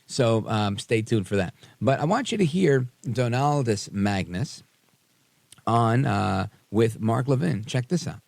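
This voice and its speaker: A man's voice: medium pitch, animated, measured pace, vocal fry, a little mellow, dry recording. A man hosting a live talk radio show, casual and sarcastic with frequent fillers, in a studio.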